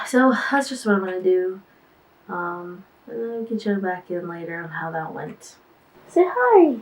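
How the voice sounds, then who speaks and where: A woman's voice: fairly low pitch, normal speed, far from the mic, low-quality recording. A tired woman managing artists talks through her week in a casual diary vlog, sighing and trailing off as she thinks aloud.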